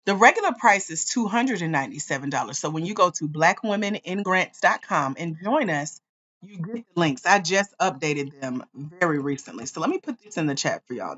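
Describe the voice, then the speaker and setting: A woman hosting a livestream as a grants coach, talking straight to her viewers in an excited, chatty way. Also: low voice, muffled recording. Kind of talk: casual livestream chat.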